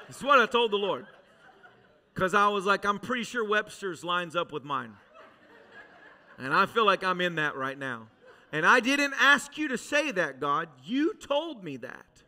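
A male pastor preaching a sermon to a congregation, telling a dramatic personal testimony that swings from loud urgency to hushed intensity. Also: sits high, expressive, normal speed. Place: church service with a congregation.

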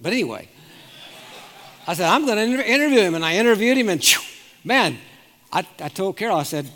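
A man's voice: high-pitched, sing-song, a little fast, fairly bright tone. A man in his seventies, a pastor telling personal stories in an earnest sermon, often restarting his sentences. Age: 70s. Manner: earnest storytelling with frequent restarts. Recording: long reverb of a large hall.

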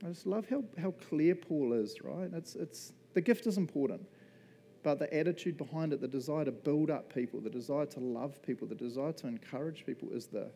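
Male pastor, casual sermon, mellow warm voice, chatty with laughs and asides, church service. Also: on the high side, fairly quick, vocal fry.

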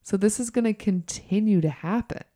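A woman's voice: medium pitch, normal speed, warm tone. A woman co-hosting a casual podcast chat, frank and chatty, who swears casually. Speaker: co-host.

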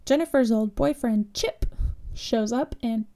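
A woman's voice: fairly high pitch, a little slow, mellow. A woman co-hosting a podcast, casually and sarcastically recapping a horror movie with lots of fillers. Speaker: podcast co-host.

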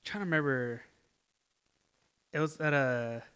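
A man co-hosting a casual podcast, telling rambling anecdotes in a relaxed way. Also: fairly high pitch, unhurried, smooth. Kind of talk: casual chat.

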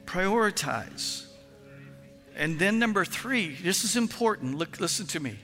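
A male pastor preaching a sermon in an animated storytelling manner, acting out phone calls with friends. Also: high voice, unhurried, long reverb tail, faint music behind.

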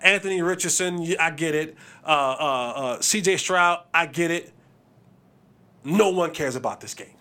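A man hosting a casual sports talk show, making lively game picks and trash talk with frequent repeated words. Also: fairly high pitch, moderate pace, clean tone. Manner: animated, trash-talking, stumbles and repeats. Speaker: podcast host and former receiver.

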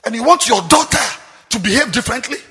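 A man preaching a sermon in a large cathedral, firing off repeated rhetorical questions and breaking into shouts. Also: very high voice, lively intonation, quick pace. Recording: long cathedral reverb.

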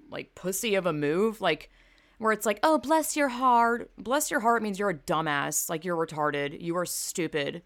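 A woman's voice: fairly low pitch, fairly bright tone, clean tone. A woman from the American South, ranting in a casual, profane, rambling way, full of fillers. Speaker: vlogger. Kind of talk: casual rant to camera. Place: home in California.

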